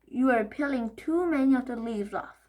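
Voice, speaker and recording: A woman voicing a bossy, fussy old grandmother in a storybook reading, nagging slowly and primly. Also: fairly high pitch, darkish tone, lightly acted.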